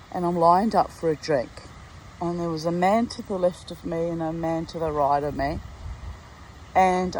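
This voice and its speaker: A fairly low-pitched female voice comes through a low-quality recording with a little hiss or hum. The speaker, an Australian vlogger in her sixties, is at home near a garden telling a rambling personal story in casual monologue form, with many asides and laughs.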